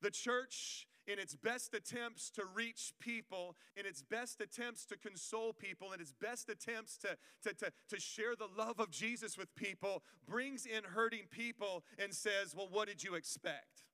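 Bright, high-voiced joking pastor. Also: male voice, measured pace, hardly any pauses. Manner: conversational, joking, calls out to the congregation. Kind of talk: sermon. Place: church auditorium. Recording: long reverb of a church hall.

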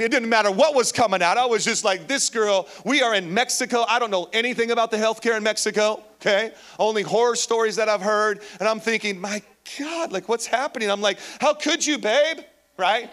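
A male pastor preaching a sermon to a live congregation, telling a personal story with lively energy and calling out to the listeners. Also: sits high. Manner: animated storytelling, calls out to the congregation. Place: church, before a live congregation.

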